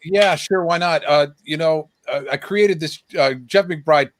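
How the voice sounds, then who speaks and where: A man's voice: a little high, a little slow, dry recording. A man who is a guest magician telling a long anecdote on a video call, acting out the dialogue as he goes. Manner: acts out quoted dialogue in lively retelling. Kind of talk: anecdotal storytelling.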